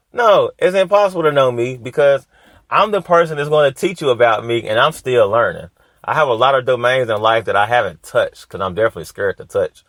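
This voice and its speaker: A man's voice: medium pitch, fairly bright tone. A man with a mid-range voice delivers an informal motivational monologue. He leans on repetition and rhetorical questions, stressing words for emphasis. The sound is dry and close, with no room echo. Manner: conversational, emphatic, repeats phrases, asks rhetorical questions. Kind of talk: casual self-help monologue.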